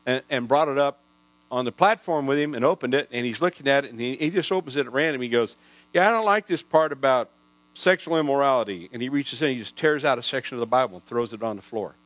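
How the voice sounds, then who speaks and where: This pastor, a man in his sixties, talks fast as he tells rambling, homespun stories from the pulpit, restarting sentences often. His mid-range voice has a fairly bright tone. There's no echo, yet the recording is rough, with mains hum in the background.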